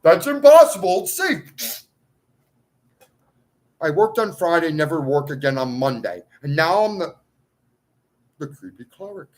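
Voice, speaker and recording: An agitated man speaks straight to his followers in a long, pleading rant. His voice sits slightly high and swings widely, leaping from loud outbursts down to quiet muttering. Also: very animated, measured pace, pauses often, rough recording. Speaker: self-styled cleric addressing followers. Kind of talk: ranting monologue to followers.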